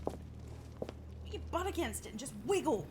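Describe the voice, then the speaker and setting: A woman's voice: sits high, sing-song, measured pace, noisy background. A woman streaming a video game live, chatting and joking with her viewers, swearing freely as she plays. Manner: chatty, joking and profane, talks to chat. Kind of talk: live gameplay commentary. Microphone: webcam setup. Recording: game music playing behind.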